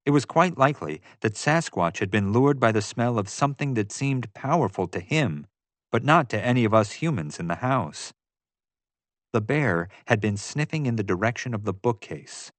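A man giving steady, measured first-person audiobook narration. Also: mid-range voice, no room sound.

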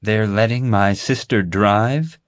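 A man voicing a stern, commanding woman FBI agent in an audiobook, brisk and insistent. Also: on the low side, very animated, no room sound, clean studio sound. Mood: exasperated. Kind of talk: audiobook character voice.

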